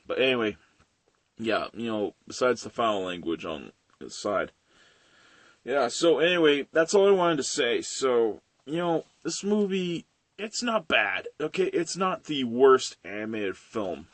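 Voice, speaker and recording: A man's voice: medium pitch, animated, measured pace, dry recording. A man in his late twenties giving a rambling, profane, casual film review with frequent laughs. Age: late 20s.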